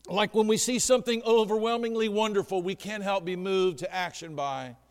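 Man, high voice, pastor, sermon, hushed to shouting, long hall reverb. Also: fairly quick, clear, resonant tone. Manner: animated preaching that swings from hushed to shouting.

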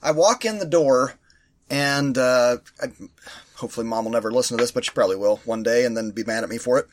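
Speaking fast in a mid-range voice, this podcast co-host launches into a sarcastic rant during casual conversation. He animatedly imitates the people who got on his nerves.

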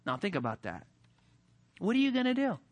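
A male preacher giving a sermon with animated emphasis and rhetorical questions. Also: high voice, fairly quick, highs cut off.

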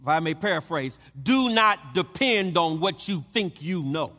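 Male preacher, high-pitched and slow, emphatic with stammered repeats, echoing hall. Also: lively intonation, bright, forceful tone. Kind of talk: sermon.

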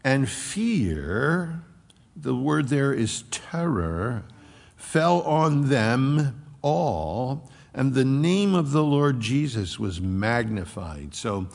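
A man's voice: mid-range voice, lively intonation, drawn-out words, creaky, darkish tone. A man preaching a sermon as a pastor, explaining scripture in a conversational way with asides, recorded in a reverberant hall.

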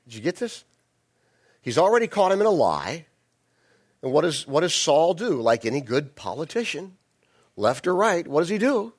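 A man's voice: a little high, sing-song, moderate pace, pauses often, breathy edge. A male pastor preaching in a conversational way, with frequent restarts and asides to the congregation. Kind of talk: sermon.

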